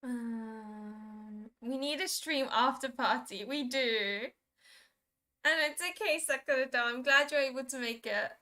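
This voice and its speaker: A woman's voice: sits high, a little slow, sharp tone. A young woman chatting casually on a live stream, giggling often as she reads and answers viewers' messages. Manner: giggly, reads and answers chat, plays with pronunciations.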